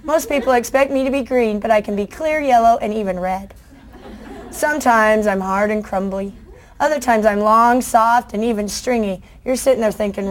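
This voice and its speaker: A woman's voice: a little high, close to an everyday voice. A woman reading a children's picture book aloud as a cheerful, proud talking booger, in a chirpy, playful way.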